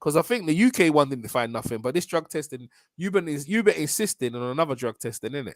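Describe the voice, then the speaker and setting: A man hosts a casual boxing livestream, fast-talking, slangy and repetitive. His voice sits a little high for a man. The sound is dry and close to the mic. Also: dry recording. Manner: animated, slangy, repeats himself.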